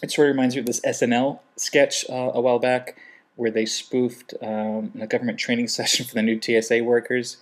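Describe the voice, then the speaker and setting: A man's voice: medium pitch, level tone, a little fast. A man vlogging casually, telling a humorous travel story and acting out what people said. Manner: humorous, acts out quoted lines in other voices.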